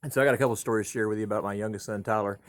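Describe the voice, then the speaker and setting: A man's voice: fairly low pitch, steady tone, racing. A middle-aged man telling funny family stories to camera from a horse barn, in a folksy, chuckling way with lots of uh and um. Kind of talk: casual storytelling to camera.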